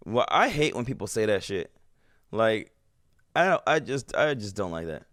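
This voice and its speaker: A man giving casual, animated reaction commentary as a streamer, slangy and swearing freely. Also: fairly low pitch, normal speed.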